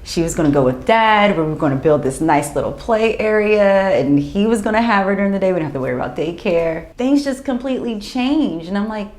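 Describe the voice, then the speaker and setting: A woman's voice: mid-range voice, animated, a little fast, few pauses, a little mellow. Young woman, new mom, chatty interview voice with an echoey room sound. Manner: emotional, laughs and tears up while talking; chatty, acts out her own inner voice. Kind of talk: candid documentary interview.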